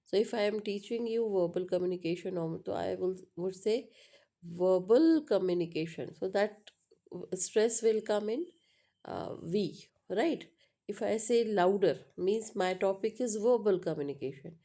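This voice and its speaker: A woman teaching a lesson on word stress, pausing often with fillers and asking "right?" to check understanding. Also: medium pitch, dark tone. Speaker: English teacher. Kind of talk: spoken lecture on pronunciation.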